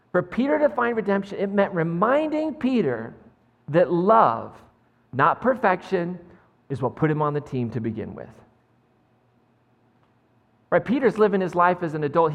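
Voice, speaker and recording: A man preaching a sermon as a pastor, impassioned and conversational, recorded in a church with a long hall reverb. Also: a little high.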